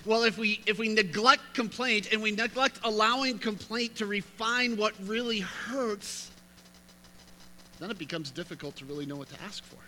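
High bright-voiced man preaching. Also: moderate pace, slight background noise. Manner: emphatic, reads scripture aloud with rising intensity; conversational asides to listeners. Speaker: pastor. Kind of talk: sermon.

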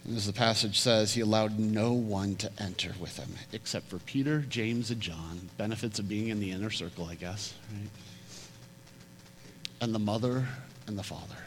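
Animated preacher in a reverberant hall. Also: male voice, lowish voice, normal speed. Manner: animated storytelling, acting out quoted voices, often repeats words. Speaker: pastor. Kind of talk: sermon. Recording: hall reverb with faint hum.

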